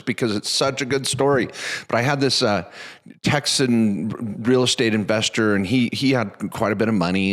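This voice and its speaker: A man co-hosting a podcast, telling stories in a casual, joking way. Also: on the low side. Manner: animated storyteller, joking asides. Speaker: podcast co-host.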